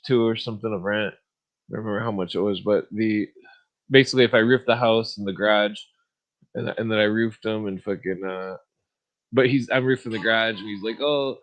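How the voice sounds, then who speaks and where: A man's voice: on the low side, steady tone, fairly quick, dull audio. A man hosting a podcast, talking in a rambling, profane monologue and laughing at his own stories. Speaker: podcast host.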